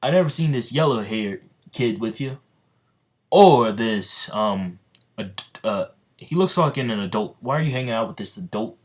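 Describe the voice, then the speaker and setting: A man voicing a cocky young male hero in a cowboy disguise, talking in a loud, breezy, slangy way. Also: mid-range voice, expressive, normal speed, close to an everyday voice. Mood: brash.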